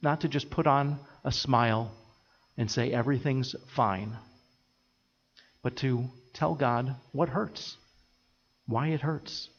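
A man's voice: medium pitch, slow pace, husky. Man, pastor, earnest sermon, lingering hall reverb, slightly muffled sound. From United States. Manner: earnest, repeats phrases in lists. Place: church sanctuary.

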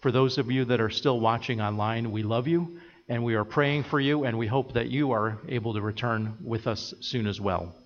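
Earnest pastor preaching in a reverberant hall. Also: male voice, medium pitch, fairly even intonation, moderate pace, dull audio. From United States. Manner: earnest, repeats phrases in lists. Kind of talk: sermon. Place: church sanctuary.

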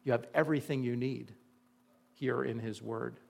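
A man's voice: mid-range voice, steady tone, moderate pace, creaky. A man preaching a sermon, earnest and emphatic, asking the listeners rhetorical questions. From Indiana. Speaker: pastor.

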